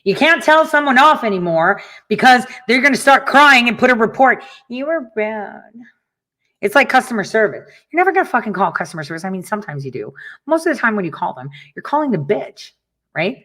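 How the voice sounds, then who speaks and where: This middle-aged woman talks fast in a slightly high, bright, forceful voice with big swings in pitch. As a talk show host she speaks casually to listeners, mixing storytelling and laughter with blunt, profane rants.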